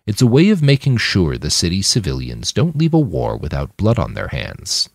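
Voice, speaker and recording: Brief: man voicing a calm big warrior in a story reading, low and steady, firm. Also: normal speed, vocal fry, dry recording, clean studio sound, exaggerated voice. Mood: grave.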